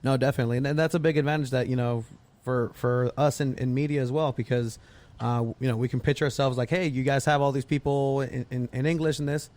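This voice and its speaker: Podcast host, man, bilingual, quick to laugh, ordinary mid pitch, casual banter. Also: steady tone, a little mellow. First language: Spanish. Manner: laughs often, switches between English and Spanish. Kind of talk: casual chat.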